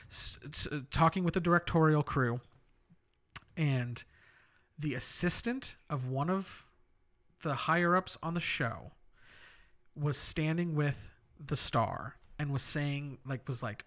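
A young man chatting casually on a podcast, telling stories from film sets with quick asides and self-deprecating laughs. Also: fairly high pitch, fairly bright tone. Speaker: podcast co-host, film visual effects worker. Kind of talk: casual chat.

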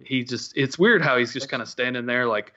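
A man's voice: medium pitch, brisk, pushed and bright. A married man co-hosting a casual podcast, rambling and hesitant with small chuckles. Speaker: podcast co-host. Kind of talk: casual chat. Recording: slightly dull, lo-fi sound.

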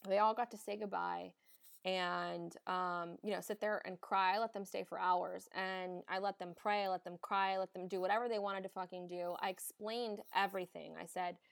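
A young woman, an emergency nurse hosting a podcast, talks in a frank, emphatic way and swears freely. Her voice sits at a middle pitch for a woman, and the recording is dry and close. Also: little pitch movement, moderate pace, vocal fry, no echo. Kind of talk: candid casual chat.

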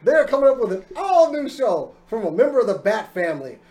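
A man's voice: very high-pitched, very animated, a little fast, warm tone. A man in his thirties hosting a podcast in casual chat, rambling and jokey, often stopping to restart his sentences. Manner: rambling, jokey, self-interrupting. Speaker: podcast host.

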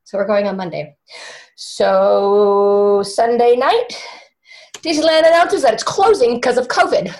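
Chatty host, woman, animated storyteller who swears freely; roomy room sound. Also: medium pitch, unhurried. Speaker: podcast host telling a story. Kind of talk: casual storytelling chat. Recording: roomy echo.

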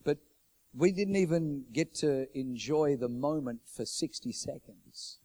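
A middle-aged man preaching a sermon, moving between loud, fervent declarations and hushed, low storytelling, repeating phrases for emphasis. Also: expressive, measured pace. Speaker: pastor.

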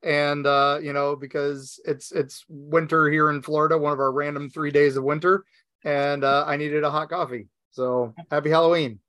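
Man co-host, wry and joking; higher than most men, very dry recording. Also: level tone, normal speed, fairly bright tone, dry recording. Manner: jokey, wry. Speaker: podcast co-host. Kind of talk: casual chat.

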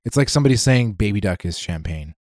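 A man's voice: on the low side, animated, quick pace, darkish tone, no room sound, clean studio sound. A man co-hosting a podcast, chatting casually and swearing freely as he rambles through stories. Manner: profane, rambling storyteller. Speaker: podcast co-host. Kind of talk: casual chat.

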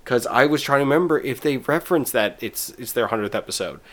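A man's voice: mid-range voice, expressive, fast, fairly bright tone. A man in casual chat, rambling through an episode recap with restarts and quoted bits.

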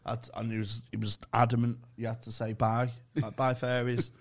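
A man's voice: lowish voice, little pitch movement, brisk, husky. A male comedian guest telling rambling, sweary anecdotes in casual podcast chat.

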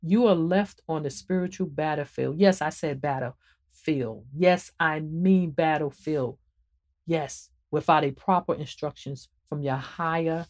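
A woman hosting a spiritual podcast and talking about her book, preaching to listeners in an animated, emphatic way and repeating phrases for emphasis. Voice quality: emphatic and animated, swings up and down in pitch. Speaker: podcast host and author.

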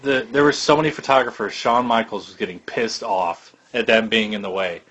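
A man's voice: on the low side, brisk, a bit bright, breathy edge, highs cut off. A man co-hosting a casual podcast, talking animatedly and acting out quotes with big jumps in his voice. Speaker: podcast co-host. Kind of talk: casual chat.

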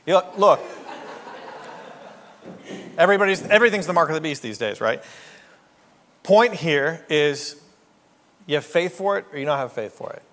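A man's voice: fairly high pitch, animated, brisk, pauses often, a bit bright, in a large hall. A man preaching a sermon as pastor, in a joking, conversational way with rhetorical asides. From Canada.

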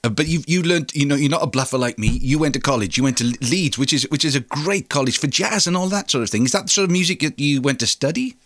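A man's voice: fairly high pitch, lively intonation, quick pace, few pauses, a bit bright, no echo, studio quality. A man hosting an interview, asking chatty, eager questions. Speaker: host.

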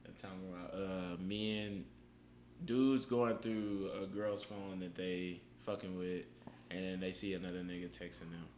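A man's voice: low-pitched, measured pace. A young man hosting a casual podcast, telling stories animatedly and swearing a lot. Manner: animated storytelling, heavy profanity. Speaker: podcast host. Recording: echoey room with faint background noise.

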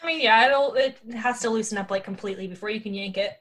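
A woman's voice: mid-range voice, fast talker, fairly bright tone. A woman co-hosting a podcast in casual chat, talking in a rambling way with lots of "like" fillers and frequent laughter. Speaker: podcast co-host. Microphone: remote call mic.

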